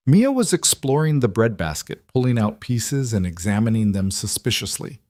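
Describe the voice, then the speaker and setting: A man narrating a romance audiobook in a steady storytelling manner. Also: fairly low pitch, moderate pace, no room sound, studio quality.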